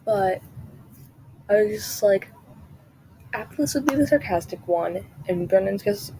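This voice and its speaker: A chatty woman vlogger talking casually to her viewers with a mellow, soft-edged voice. She rambles, trails off and restarts mid-thought. A faint hiss sits under the recording. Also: medium pitch, lively intonation, unhurried, low-quality recording. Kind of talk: casual chat to camera.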